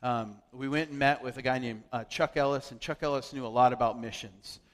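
A preacher tells a personal story as a sermon, chatty and loose with lots of fillers and restarts. His mid-range voice has fairly even intonation and a slightly fast pace, heard with long hall reverb.

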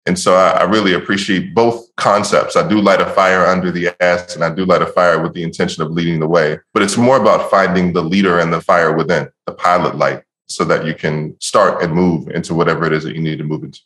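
A man telling stories in a casual podcast chat, animated and laughing often, speaking from home over a call. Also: deep voice, fairly quick, few pauses. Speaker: podcast guest, empowerment coach. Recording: roomy echo.

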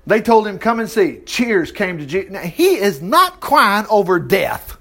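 A man teaching from the Bible in a folksy, animated way, breaking in with his own exclaimed asides, then praying. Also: sits high, measured pace, hardly any pauses. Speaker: preacher. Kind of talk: informal Bible teaching and prayer.

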